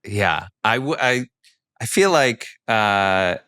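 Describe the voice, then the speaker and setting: A man's voice: fairly low pitch, animated, takes it slowly, bright, forceful tone, clean tone, no echo, studio quality. A man in his thirties co-hosting a podcast, talking in a reflective, hesitant way with many fillers. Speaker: podcast co-host. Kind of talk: casual chat.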